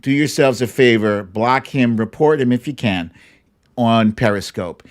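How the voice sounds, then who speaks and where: A man's voice: medium pitch, a little slow. A man hosting a live stream, reading out viewers' greetings with playful, sing-song asides and little hums. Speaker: livestream host. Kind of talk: reading a live chat roll call.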